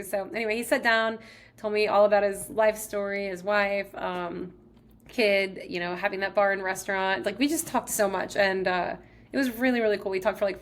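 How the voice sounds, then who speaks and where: A young woman from Texas hosting a podcast, chatting casually as she tells a personal story, filling her sentences with "like". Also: mid-range voice. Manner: chatty, heavy use of "like". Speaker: podcast host.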